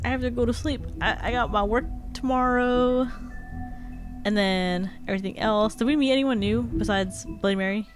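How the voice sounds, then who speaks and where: A young adult woman chats casually on a live stream in a fairly high voice at normal speed. She rambles, leaning heavily on "like," while faint music plays in the background.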